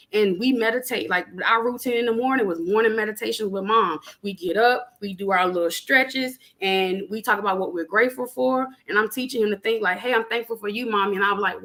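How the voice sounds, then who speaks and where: A young adult woman in casual spiritual chat on a podcast, animated and preachy, talking plainly with lots of fillers. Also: mid-range voice. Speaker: podcast guest.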